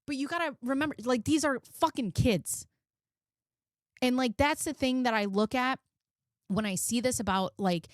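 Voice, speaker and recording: A woman's voice: fairly high pitch, a bit bright, dry recording, clean studio sound. A woman in her forties talking casually and bluntly, swearing often as she tells a personal story on her commentary channel. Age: 40s. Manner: blunt, frequent swearing, emotional. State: close to tears.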